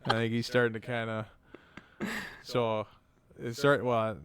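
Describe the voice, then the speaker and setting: Guy in his 30s rambling thru a story, swears a lot, acts out the dialogue, mid pitch. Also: flat delivery, a little slow, fairly bright tone. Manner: rambling anecdotes with acted-out dialogue, swears freely. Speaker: podcast co-host. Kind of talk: casual storytelling chat.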